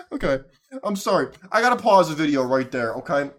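Sarcastic high-pitched male commentator. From United States. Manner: sarcastic, interrupting clips to argue back. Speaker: podcast host. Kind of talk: solo political commentary.

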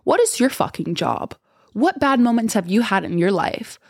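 A woman's voice: a little high, very animated, moderate pace, vocal fry, slightly rough, no room sound, studio quality. Blunt, profane young woman podcaster. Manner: blunt, profane, rambling and candid. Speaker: podcast host. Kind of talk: casual chat.

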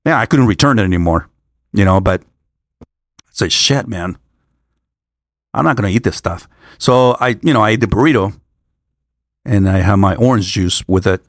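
An older man talks in a loose, rambling way, tripping over false starts and swearing as he goes. His voice sits on the low side and sounds dry and close, with almost no room around it. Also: dry recording. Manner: rambling, halting restarts, frequent swearing. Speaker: vlogger on a work trip. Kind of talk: casual rambling monologue.

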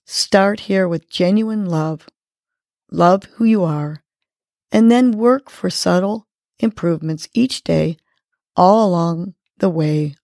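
A woman hosting a morning segment, calmly guiding listeners through breathing and affirmations and repeating each cue gently. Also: on the low side, vocal fry, no echo, clean studio sound. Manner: calm, instructive, repeats cues gently. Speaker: host of a morning motivation segment.

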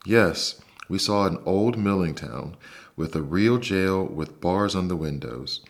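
A man's voice: sits low, animated, slow pace, vocal fry, full character voice. A man voicing an earnest young boy with a reproachful edge, in a storybook reading. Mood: eager. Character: earnest young boy, trusting then hurt.

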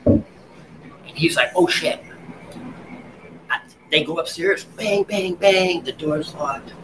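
Male guest, slightly high voice, lively storyteller, bar noise behind him. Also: slow. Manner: animated, laughing, restarts and acts out quotes. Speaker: guest, waiter. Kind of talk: casual storytelling.

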